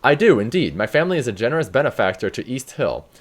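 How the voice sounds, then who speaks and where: A man's voice: mid-range voice, sing-song, fast. Man reading as an eccentric asylum artist. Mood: grandiose. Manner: rambling, grandiose. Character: eccentric young male asylum patient artist.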